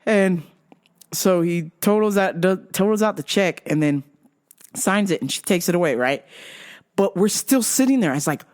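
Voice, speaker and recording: A woman host telling a comic story in a crude, laughing style. Her voice swings widely in pitch as she tells it. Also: animated, normal speed, darkish tone. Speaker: podcast host. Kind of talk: comedic storytelling.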